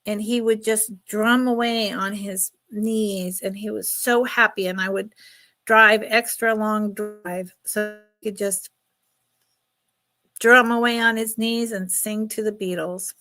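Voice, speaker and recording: A woman's voice: mid-range voice, steady tone, slow, pushed and bright. A middle-aged woman hosting a casual live jewelry sale, chatty and emotional, often laughing. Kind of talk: casual live stream selling.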